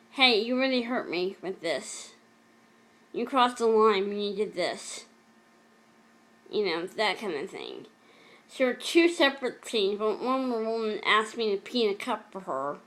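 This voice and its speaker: Halting, emotional woman telling her story. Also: on the high side, animated, fairly bright tone. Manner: emotional, halting, repeats herself. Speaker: vlogger. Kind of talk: personal storytelling vlog.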